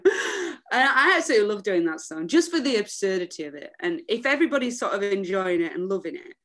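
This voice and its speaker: A woman in her thirties from England chats about her music as a podcast guest. She is lively and laughs easily, and her pitch sits in the middle range. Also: fast. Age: 30s. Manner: chatty, laughs often, animated. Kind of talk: casual podcast chat.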